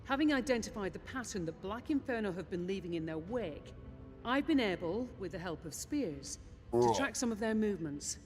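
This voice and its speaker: A woman's voice: medium pitch, lively intonation, normal speed, darkish tone, soft background music, close to an everyday voice. An actress playing a determined female ship officer briefing her commander in a game. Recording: game audio with long reverb.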